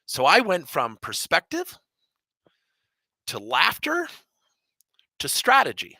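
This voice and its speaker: A middle-aged man from Wisconsin, a business coach telling stories in an energetic keynote, acting out quotes and jumping up in pitch for emphasis. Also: slow, pauses often, no echo. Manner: animated, jumps high in pitch for emphasis, acts out quotes.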